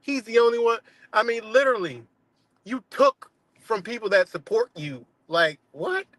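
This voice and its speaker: A man with a high voice hosts his livestream in a heated, profane rant, mocking and cursing at someone. The sound is dry and close, with no room around it. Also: animated, moderate pace, fairly bright tone, dry recording. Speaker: livestream host.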